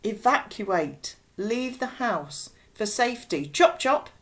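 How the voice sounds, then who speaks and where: A woman reading aloud voices a father giving brisk, urgent orders to his son. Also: fairly high pitch, lively intonation, a bit bright.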